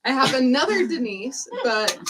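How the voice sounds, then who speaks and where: A woman's voice: sits high, lively intonation, normal speed, background noise. A woman helping at a live prize drawing, reading out names and sometimes tripping over place names. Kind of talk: casual live-stream chat.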